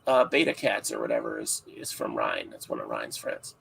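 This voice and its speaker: A man's voice: very deep voice, huge pitch swings, moderate pace, vocal fry, fairly bright tone, husky, low-quality recording. A man hosting a casual livestream podcast, rambling and joking with frequent laughs, sounding tired. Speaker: podcast host.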